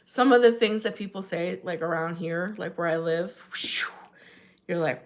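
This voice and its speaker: A woman hosts a casual livestream from home, chatting loosely with her viewers. She laughs often and her voice jumps up brightly when she greets someone by name. Her delivery is relaxed and conversational. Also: on the low side, measured pace. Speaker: livestream host. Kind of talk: casual livestream chat reading comments. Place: home in New Jersey.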